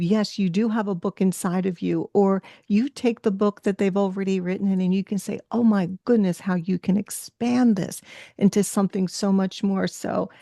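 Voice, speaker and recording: A woman's voice: medium pitch, creaky, mellow, no echo, studio quality. A woman hosting a podcast interview, talking in an effusive, encouraging way and sharing a personal story. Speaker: podcast host.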